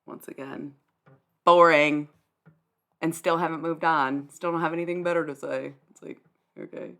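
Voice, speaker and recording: A young woman talks back to her live stream chat, blunt and dismissive. Her voice sits a little low for a woman, and she swears freely with a sarcastic edge. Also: fairly even intonation, normal speed, a bit bright, faint music behind. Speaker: livestreamer.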